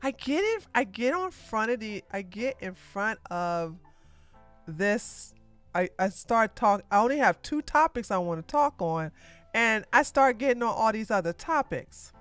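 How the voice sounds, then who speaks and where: A woman hosting a live-streamed political podcast, talking in an excitable, theatrical way and laughing often. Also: on the high side, a little slow, no echo, soft background music. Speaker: podcast host.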